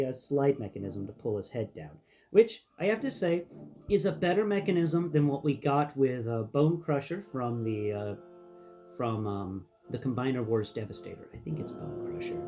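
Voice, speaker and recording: Chatty, lively man hosting a toy tutorial. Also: medium pitch. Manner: chatty and jokey, with rambling asides. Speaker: host. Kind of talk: casual spoken toy tutorial.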